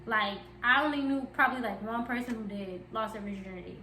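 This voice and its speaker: A young woman with a slightly high, bright voice tells a candid story in a chatty, giggly way. She sounds like a vlogger talking casually at home, and the room gives her voice a noticeable echo. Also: brisk, slight background noise. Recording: echoey room.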